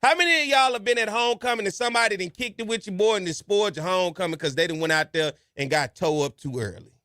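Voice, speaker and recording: A man's voice: sits high, fast talker, sharp tone, no echo. Man, podcast host, folksy, urging, dry close sound. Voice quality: colloquial, folksy and exhortative, repeats advice for emphasis. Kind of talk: casual advice monologue and storytelling.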